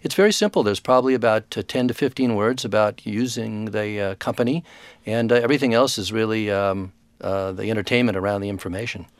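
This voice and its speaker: Low-voiced man, measured and hesitant. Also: no room sound. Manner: thoughtful, measured, with frequent hesitations. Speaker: author and guest expert. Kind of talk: radio interview.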